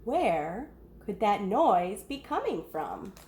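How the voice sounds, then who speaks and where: A woman reading a story aloud to children, pausing to ask the young listeners questions and gasping or whispering for effect. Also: medium pitch, very animated, darkish tone, slight background noise.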